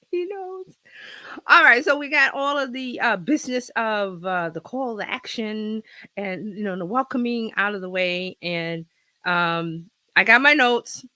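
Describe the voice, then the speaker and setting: A woman's voice: mid-range voice, unhurried, pushed and bright, no echo. A woman hosting a casual livestream from her home office, chatty and rambling, with a slight cold in her throat. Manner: chatty, rambling, laughs often. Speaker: host. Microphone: laptop with external mic.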